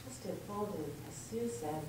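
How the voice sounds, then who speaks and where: A woman's voice: on the low side, expressive, measured pace. A woman minister giving a reflective talk to a congregation, telling stories in an earnest way. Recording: echoey room from far off, faint noise.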